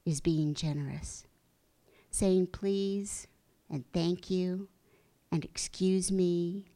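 Gentle, soft-spoken middle-aged woman teacher. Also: fairly low pitch. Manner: gentle and reflective, slow at times, drops to a soft breathy hush. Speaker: spiritual teacher. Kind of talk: spiritual talk.

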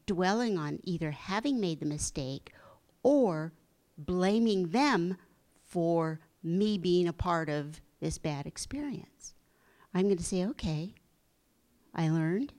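A woman with a somewhat low-pitched voice delivers an inspirational talk. She speaks gently and earnestly. For emphasis she often sinks to a soft whisper. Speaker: spiritual speaker.

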